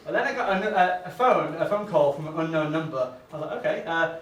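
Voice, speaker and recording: A man doing a stand-up comedy set, halting and rambling with lots of uhs and restarts. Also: fairly high pitch, animated, slight background noise. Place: comedy venue stage. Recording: echoey room from a distance.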